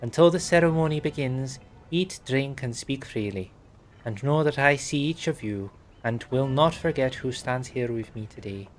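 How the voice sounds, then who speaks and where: A grand Welsh king addresses his court, his Welsh accent laid on thick, done by a man reading aloud. He speaks in a stately, proclaiming way, gracious and sure of himself. His pitch sits in a middle range. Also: lively intonation, moderate pace, soft background music, natural voice. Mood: stately welcome. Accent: put-on Welsh.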